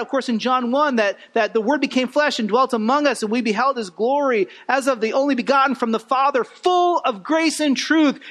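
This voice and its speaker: A man with a high voice preaches a sermon, earnest and pressing his points with rhetorical questions. His words ring out with the long reverb of a church sanctuary. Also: a bit bright.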